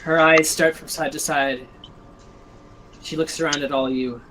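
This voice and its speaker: A man's voice: a little high, fairly even intonation, a little slow, bright, forceful tone, a little hiss or hum, low-quality recording. A man narrating as dungeon master in a chatty way, with many fillers. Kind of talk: narrating a tabletop game.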